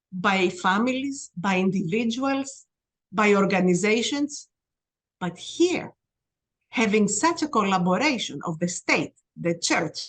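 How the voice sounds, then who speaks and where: A middle-aged woman from Greece, a podcast guest telling stories in a lively way and acting out the dialogue. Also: mid-range voice. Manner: animated storyteller, reenacts dialogue. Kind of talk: storytelling interview.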